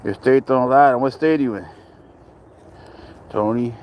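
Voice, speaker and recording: A young man in a loose, rambling livestream chat, swearing freely and joking at his own expense. His voice sits at an ordinary middle pitch, picked up by a phone outdoors with faint traffic and street noise behind him. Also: normal speed, darkish tone, rough recording. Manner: rambling, crude, self-deprecating, talks to his cat. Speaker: cat owner livestreaming. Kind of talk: casual livestream chat, reading viewer comments.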